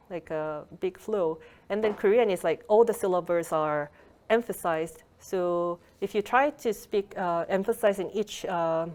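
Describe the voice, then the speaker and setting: A woman's voice: lowish voice, a little mellow. A woman teaching a language workshop over a video call, explaining patiently with frequent fillers and restarts. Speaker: Korean language lecturer. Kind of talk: online workshop lecture. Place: online video call lecture.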